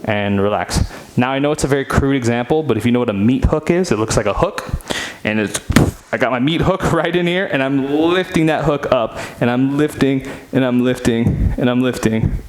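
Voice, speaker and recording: A man's voice: mid-range voice, moderate pace, a little hiss or hum, rough recording. A man instructing a guided seated stretching workout, upbeat and chatty, counting reps aloud in a home studio. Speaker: fitness instructor.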